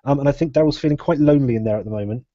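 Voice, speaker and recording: A man's voice: medium pitch, racing, mellow, no echo. A man hosting a live podcast, rambling casually and laughing often. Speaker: podcast host. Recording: dull lo-fi live stream audio.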